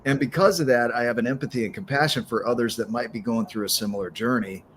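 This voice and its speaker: A man's voice: medium pitch, fast, slight background noise. A man hosting a podcast who talks in an earnest, encouraging way and keeps circling back to his point. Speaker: podcast host. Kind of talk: casual podcast conversation.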